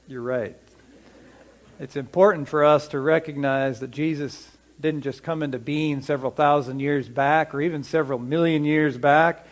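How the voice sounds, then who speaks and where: Conversational preacher with a fairly high voice. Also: male voice. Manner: conversational, asks the congregation questions; slows down to stress scripture quotes. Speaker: pastor. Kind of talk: sermon.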